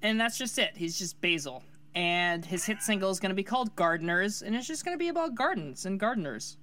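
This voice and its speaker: A woman co-hosting a casual comedy podcast, playful and quick to laugh. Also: medium pitch, lively intonation, a bit bright, slight background noise. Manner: giggly, playful. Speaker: podcast co-host.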